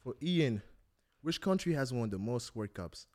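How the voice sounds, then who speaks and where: A man's voice: mid-range voice, unhurried. Young male podcast host. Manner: animated, laughs often, quizzes the others. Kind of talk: casual podcast chat.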